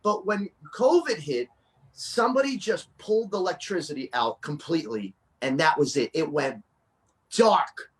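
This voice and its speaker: A man chatting as a guest, an excitable storyteller who restarts his sentences a lot. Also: on the high side, moderate pace. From New Jersey. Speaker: guest, children's fitness performer. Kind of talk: casual interview chat.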